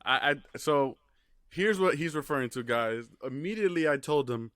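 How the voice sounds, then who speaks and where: A man's voice: mid-range voice, expressive, moderate pace, a bit bright, clean tone, no echo, studio quality. A man co-hosting a podcast, chatting casually with hesitant starts. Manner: short agreeing interjections, hesitant starts. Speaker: podcast co-host. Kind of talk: casual review chat.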